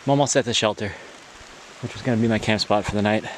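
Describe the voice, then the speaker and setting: A man's voice: fairly low pitch, steady tone, quick pace, slight background noise. A man filming himself on a hike outdoors, giving casual, wry running commentary. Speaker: hiker filming his trip. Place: outdoors on a forest trail.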